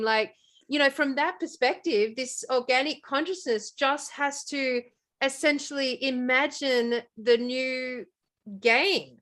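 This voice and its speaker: A woman's voice: sits high, fairly even intonation, slow pace, a bit bright. A woman hosting a casual chat, enthusiastic and thinking aloud, with lots of "like" as she searches for words. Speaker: host.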